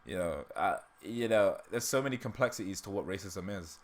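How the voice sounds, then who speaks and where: A man's voice: low-pitched, expressive, brisk. A man hosting a casual livestream, laughing often and joking about himself, with a dry throat. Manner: laughs often, self-deprecating. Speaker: livestream host.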